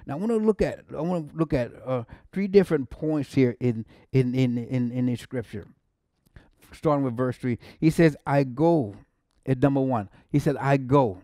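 A man's voice: mid-range voice, moderate pace, dark tone, no room sound, clean studio sound. A man preaching a sermon as pastor, exclaiming often, repeating words and building to emphatic peaks with bursts of laughter. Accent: American. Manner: laughs between phrases.

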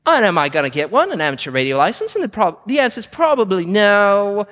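A rambling, excitable electronics video blogger put on by a man muses aloud in a high, bouncy voice. The sound rings around a lecture hall. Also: fast talker. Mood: musing.

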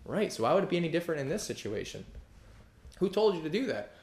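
A man preaching in an echoey church hall, his voice sitting fairly high for a man and swinging widely in pitch. He is emphatic and animated, climbing to loud peaks and acting out the voices of people who argue with him. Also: quick pace. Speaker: pastor. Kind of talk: sermon.

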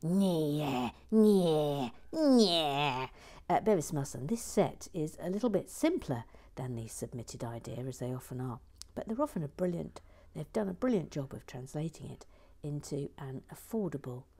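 A woman with a slightly low voice hosts a relaxed building stream in casual chat. She murmurs and half-whispers to herself while she works, then brightens to read out viewers' comments. Her tone is playful and affectionate. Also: moderate pace, breathy edge. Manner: soft-spoken, often drops to a murmur or whisper, then perks up; fond and playful, repeats words to herself. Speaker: host building a toy set on a live stream.

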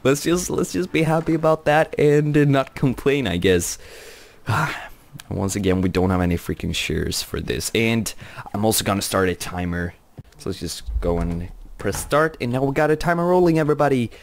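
A young man hosting a game let's play, talking quietly and rambling, with frequent repeated phrases and chuckles. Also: medium pitch, lively intonation, normal speed, creaky. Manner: hushed, talking quietly so as not to wake someone. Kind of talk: casual game commentary.

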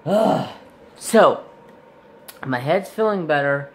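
A man's voice: on the high side, animated, slow pace, a little hiss or hum. A man hosting a casual craft unboxing vlog, chatty and rambling with lots of fillers and self-corrections, his voice a little stuffy as he recovers from being sick. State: slightly stuffy, recovering from illness. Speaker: craft channel host.

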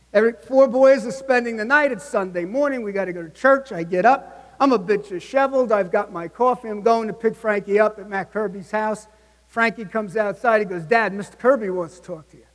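A man in his sixties delivers a motivational keynote with punchy, emphatic lines, pausing to check in with his listeners. His voice sits fairly high for a man. The sound carries the long reverb of a large conference hall. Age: 60s. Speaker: keynote speaker.

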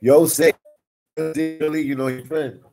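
A man's voice: on the high side, takes it slowly, creaky, over music, low-quality recording. A man vlogging from the Dominican Republic, reading out viewer comments in casual slangy chat and reacting with energy. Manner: reads viewer comments aloud, slangy and animated. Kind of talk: casual live-stream chat.

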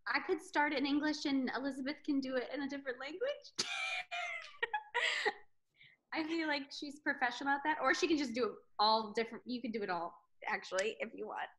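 A woman's voice: sits high, a little fast, fairly bright tone. A woman chatting casually and giggly on a video call. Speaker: Broadway performer singing for hospital.

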